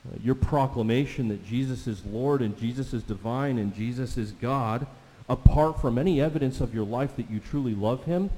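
Mellow-voiced preacher in a reverberant hall. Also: male voice, mid-range voice. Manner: emphatic, slows down to stress scripture quotes. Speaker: pastor. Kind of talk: sermon.

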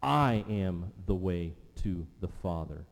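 A man preaching a sermon, emphatic, repeating key phrases and slowing down to stress them. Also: low voice, animated, vocal fry. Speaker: pastor. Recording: long reverb of a large hall.

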